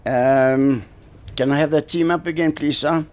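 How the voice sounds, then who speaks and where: A man's voice: on the high side, fairly even intonation, unhurried, a little mellow. A man co-hosting a radio show, chatting casually in brief, hesitant remarks. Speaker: radio co-host. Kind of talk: casual chat.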